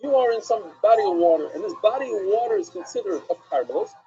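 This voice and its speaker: A man teaching a live-streamed Talmud class, asking and answering his own questions in an animated way. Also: high voice, fast, lo-fi sound, slight background noise.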